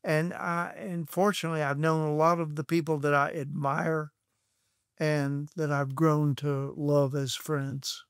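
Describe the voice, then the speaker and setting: An older man from Texas, a guest on an interview show, telling stories from his past in an unhurried, anecdotal way. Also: on the high side, little pitch movement, clean tone, dry recording, clean studio sound. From Texas, USA. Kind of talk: reminiscing storytelling.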